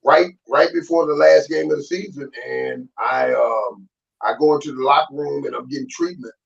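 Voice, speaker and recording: A man in his fifties, a guest telling his own story in a relaxed, animated way, acting out what others said. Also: fairly high pitch, normal speed, vocal fry. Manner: animated, acts out quoted voices. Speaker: guest, former football player. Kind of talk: casual storytelling. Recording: distant, dull remote audio.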